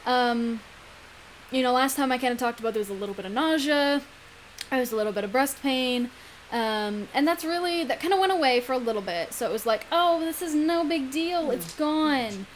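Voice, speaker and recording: A woman's voice: fairly high pitch, a little fast, a little hiss or hum, low-quality recording. A young woman chatting casually in a vlog, full of ums and likes. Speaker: vlogger. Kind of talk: casual pregnancy vlog chat.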